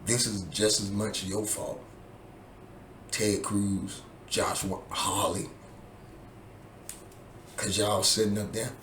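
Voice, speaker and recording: In a vlog, a man rants about politics with heated, profane repetition, returning again and again to the same points. His lowish voice barely moves in pitch and comes slowly with long pauses, a bit bright. Slight background noise and faint ambience fill an echoey room.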